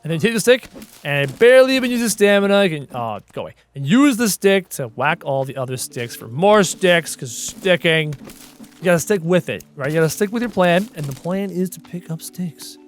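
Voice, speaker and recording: A man's voice: sits high, expressive, a little fast. A man giving casual, playful let's-play commentary, chatty and full of puns, laughing at his own jokes. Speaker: gaming video host.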